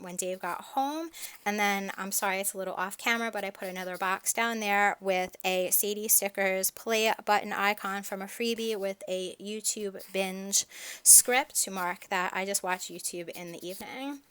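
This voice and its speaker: A woman's voice: medium pitch, a bit bright, smooth. A young woman narrating her planner video in a chatty, enthusiastic, rambling voice-over. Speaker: planner vlogger.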